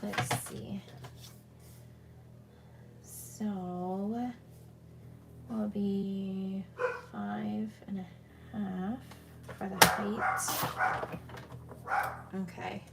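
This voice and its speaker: A woman talks slowly and chattily through a card-making tutorial, thinking aloud as she measures and tapes. Her voice sits in a middle range. A clear hum of ambient noise runs underneath the recording. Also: medium pitch, flat delivery. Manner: chatty, talks to herself while working. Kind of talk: casual crafting tutorial.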